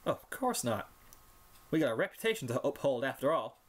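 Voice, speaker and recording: A man voicing a steady, caring young farm pony mare in a fan fiction reading, earnest and plain-spoken. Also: mid-range voice, fairly quick. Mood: fond.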